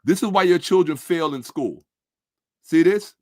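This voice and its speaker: A man's voice: a little high, expressive, measured pace, darkish tone, no echo, clean studio sound. A man in a combative commentary monologue, sarcastic and repeating his points for emphasis, dropping to a mutter while he checks his screen.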